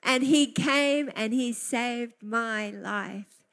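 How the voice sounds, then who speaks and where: A woman with a high, bright-toned voice preaches a sermon. She speaks slowly and with fervent emphasis, and she often repeats words of praise.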